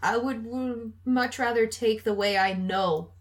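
Quick reactive woman's voice. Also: a little high. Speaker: podcast guest. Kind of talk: casual chat.

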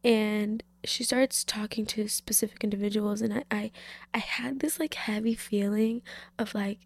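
Tearful young woman, husky and soft. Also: mid-range voice, steady tone, moderate pace, no echo. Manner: emotional, soft-spoken, drifts into whispers, many fillers. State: tearful, emotional. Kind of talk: personal faith testimony, casual.

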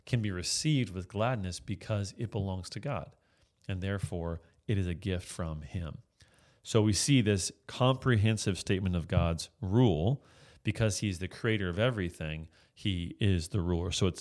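A man's voice: sits low, a little mellow. A man giving an earnest, explanatory Bible teaching, often restarting his phrases as he works through a passage. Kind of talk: sermon-style Bible teaching.

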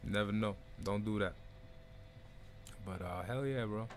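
A man's voice: lowish voice, a little slow, a little hiss or hum. A man hosting a live stream, laid-back and loose-tongued, swearing freely and dropping Arabic phrases. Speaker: host. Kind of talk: casual live stream chat.

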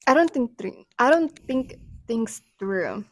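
A young adult woman co-hosting a podcast in casual chat, animated and quick to act out what other people say. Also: fairly high pitch, dry recording, studio quality. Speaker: podcast co-host.

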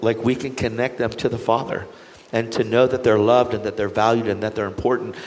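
A man speaking as an evangelist guest, giving an impassioned, earnest testimony full of quick restarts and acted-out dialogue. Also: medium pitch, in a large hall. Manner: earnest, animated, frequent restarts, acts out quoted dialogue.

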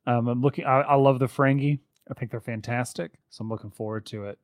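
A man co-hosting a podcast in casual chat, rambling with quick asides. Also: medium pitch, steady tone, no room sound, studio quality. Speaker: podcast co-host.

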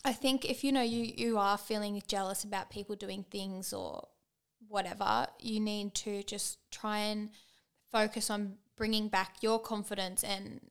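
A young mother co-hosting a podcast, talking in a relaxed, agreeable way and often chiming in. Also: mid-range voice, measured pace, clean tone. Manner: relaxed, agreeable, backchannels a lot. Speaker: podcast co-host. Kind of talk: casual chat.

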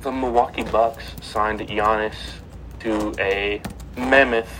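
Man, podcast host, reads headlines, halting with fillers, slightly low voice. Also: steady tone, fairly bright tone, slight background noise, low-quality recording. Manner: reads headlines with many ums and uhs. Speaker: podcast host reading sports news. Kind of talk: casual sports podcast.

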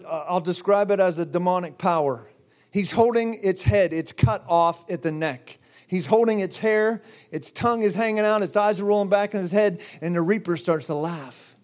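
A man preaching a charismatic sermon in a fervent, exclamatory way, breaking into shouts and laughter. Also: high-pitched, normal speed.

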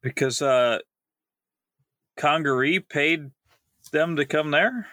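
A man co-hosting a casual sports betting podcast, matter-of-fact and halting, often correcting his partner. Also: a little high, pushed and bright, a little hiss or hum. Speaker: podcast co-host.

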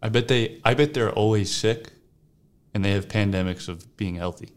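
A young man co-hosting a casual comedy chat, insistent and deadpan with quick jokes. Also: lowish voice. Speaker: podcast co-host.

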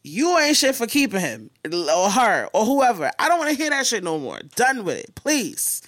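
A woman's voice: mid-range voice, normal speed, dry recording, studio quality. Blunt, profane woman podcast host. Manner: blunt, profane, animated venting. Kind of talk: casual chat.

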